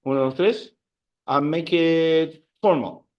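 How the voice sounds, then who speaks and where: A man's voice: fairly high pitch, takes it slowly, lo-fi sound. A man teaching a Spanish class, explaining grammar and leading drills, with many fillers and restarts. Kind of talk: classroom language lesson.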